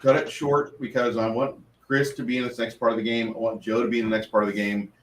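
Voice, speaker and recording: A man's voice: fairly low pitch, flat delivery, fast talker, fairly bright tone, distant mic. A man, running a tabletop game and chatting in an earnest, rambling way, often restarting his sentences. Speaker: game master. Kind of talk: casual chat after a tabletop game. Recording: echoey room from off-mic with faint noise.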